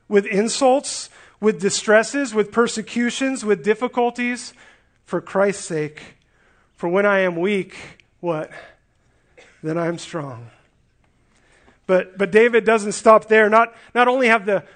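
High-pitched male preacher, earnest and emphatic, expository sermon. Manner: earnest, emphatic, with frequent restarts and rhetorical questions.

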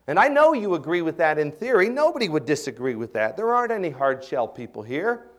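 Earnest middle-aged male preacher. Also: on the high side. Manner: earnest, emphatic preaching with rising intensity. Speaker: pastor. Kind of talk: sermon.

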